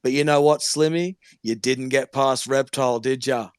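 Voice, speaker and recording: A man's voice: mid-range voice, steady tone, moderate pace, clean tone, no room sound, studio quality. A man hosting an online audio chat room, talking in a heated, profane, preachy way and cutting in on others, over a phone mic.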